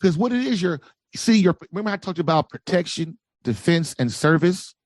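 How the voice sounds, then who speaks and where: Man, preachy relationship coach, fairly high voice, dry close sound. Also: animated, brisk, no echo. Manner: preachy, acts out quoted voices. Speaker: podcast guest, relationship coach. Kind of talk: animated advice talk.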